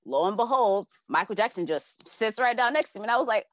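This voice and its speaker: A woman's voice: mid-range voice, expressive, fairly quick, a bit bright. A young adult woman telling a personal story casually and with animation, acting out her own reactions and using many fillers. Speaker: class participant sharing a dream.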